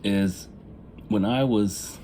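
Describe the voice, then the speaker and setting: A man's voice: lowish voice, drawn-out words, dark tone, slight background noise. A man telling his own life story in a casual, profane way, laughing at his own jokes and acting out family members. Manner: acts out family members in quoted lines.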